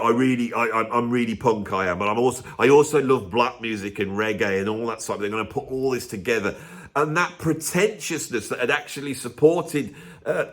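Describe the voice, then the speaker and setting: A man hosting a music channel, delivering a grumpy, emphatic, opinionated rant to camera in a casual way. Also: mid-range voice. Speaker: music video host.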